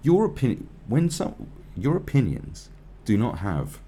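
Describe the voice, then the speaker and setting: A man's voice: mid-range voice, huge pitch swings, measured pace, mellow, slight background noise. A man giving profane, rambling, sarcastic commentary on a news article.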